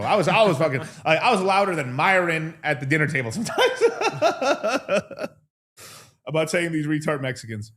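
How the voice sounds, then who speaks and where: A man's voice: on the high side, fairly bright tone. A man hosting a casual livestream, talking in a profane, rambling way and laughing often. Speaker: host.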